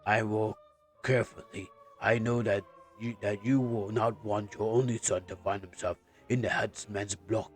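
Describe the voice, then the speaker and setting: A man voicing a vengeful young nobleman who avenges his mother, reading game dialogue in a solemn, halting period style. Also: fairly low pitch, steady tone, soft background music, close to an everyday voice.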